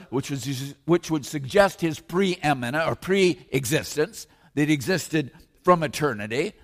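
Emphatic preacher in an echoing hall. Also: male voice, fairly high pitch, expressive. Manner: emphatic preaching, slows and rises on scripture. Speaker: pastor. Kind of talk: sermon. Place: church sanctuary. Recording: long reverb of a church hall.

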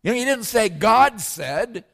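A man preaching a sermon as pastor, slowing down and lifting his voice when he quotes scripture. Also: high voice, animated, vocal fry, a bit bright. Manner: emphatic preaching, slows and rises on scripture. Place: church sanctuary. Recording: long reverb of a church hall.

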